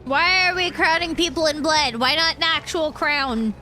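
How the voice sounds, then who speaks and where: A woman chatting through her game stream, tossing out quick jokes about what happens on screen. Her voice is high, bright and very lively. A faint hum sits behind her. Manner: chatty, joking reactions. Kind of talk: casual let's-play commentary.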